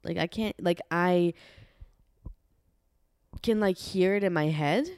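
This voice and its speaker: A young woman with a lowish voice trades casual banter on a podcast. Her humor is playful and deadpan. The recording is dry and close to the mic. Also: slow pace, smooth, no echo. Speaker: podcast co-host. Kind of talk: casual chat.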